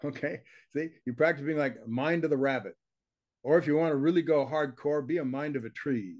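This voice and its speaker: An older man speaks in a slightly raised register, teaching through casual interview talk. He is blunt and forceful in his phrasing, punctuating points with short rhetorical questions and a ready laugh. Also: fairly high pitch, fairly quick. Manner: emphatic, blunt, with frequent laughs and rhetorical check-ins. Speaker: consciousness teacher, guest.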